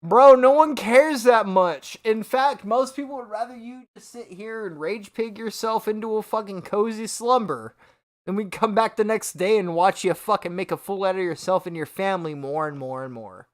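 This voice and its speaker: A man's voice: high voice, moderate pace. A man talking over a video clip to his chat. He mocks the person on screen with a sneering, foul-mouthed delivery. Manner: sneering, mocking, swears a lot. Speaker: streamer commenting on clips. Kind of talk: mocking commentary over clips.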